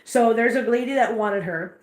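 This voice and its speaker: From her echoey indoor cat room, where faint ambient noise lingers, the woman who runs the cat rescue chats casually and emotionally while telling viewers a story on her live stream. Her voice is on the high side with a darkish tone, at normal speed.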